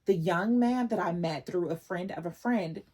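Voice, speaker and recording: A woman's voice: on the low side, moderate pace, mellow. A woman in her forties talking casually to her viewers in a vlog, emotional and effusive, often repeating words as she goes. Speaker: vlogger.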